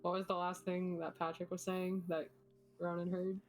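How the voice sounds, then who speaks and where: A woman playing a tabletop game in an excitable way. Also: on the low side, normal speed, low-quality recording. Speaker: player. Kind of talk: tabletop role-play chat.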